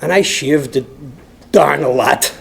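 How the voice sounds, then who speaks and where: At a recovery meeting, a man from Ireland shares his personal story with the room, addressing the listeners directly. His voice runs on the high side, with vocal fry and a breathy edge, and he takes his time.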